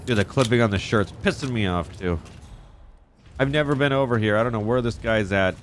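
A man giving excitable, profane, joking gameplay commentary, talking back at characters on screen. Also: medium pitch, brisk, slight background noise. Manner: excitable, profane, jokey, talks to game characters. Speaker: gaming YouTuber.

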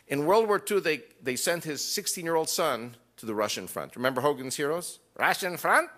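Animated man telling stories to an audience. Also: medium pitch. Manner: animated, jokey asides, acts out quoted dialogue. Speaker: speaker addressing an audience. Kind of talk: lecture storytelling.

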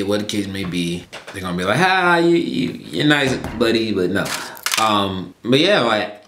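A young man from Atlanta telling a story to camera in a casual, slangy, profane way, his voice jumping between loud and low. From Atlanta, Georgia, US. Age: young adult. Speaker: YouTuber. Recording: echoey room.

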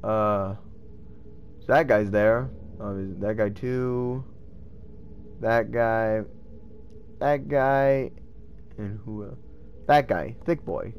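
A man giving casual gameplay commentary, excitable and swearing as he talks to himself. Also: fairly low pitch, very slow, pauses often, highs cut off, a little hiss or hum. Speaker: let's play gamer.

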